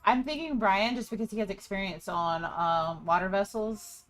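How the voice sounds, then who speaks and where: A woman's voice: medium pitch, normal speed, crowd noise. A woman player talking through plans in a casual, hesitant way. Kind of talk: casual game talk.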